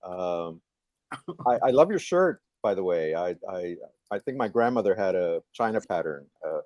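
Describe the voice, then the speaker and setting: A man co-hosting a casual talk show, hesitant, stammering and trailing off softly. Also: sits low, lively intonation, moderate pace, no room sound, lo-fi sound. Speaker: co-host. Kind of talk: casual chat.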